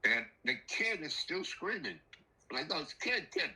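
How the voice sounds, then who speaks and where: An older man telling a rambling personal story in a casual, animated way, acting out the voices of the people in it. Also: a little high, normal speed, low-quality recording. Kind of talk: casual spoken anecdote.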